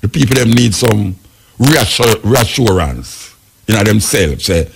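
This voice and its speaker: A man's voice: lowish voice, lively intonation, measured pace, gravelly, a little hiss or hum. A man with a Jamaican accent hosting a radio talk show, talking in patois and arguing his point. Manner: Jamaican patois, speculative, argumentative.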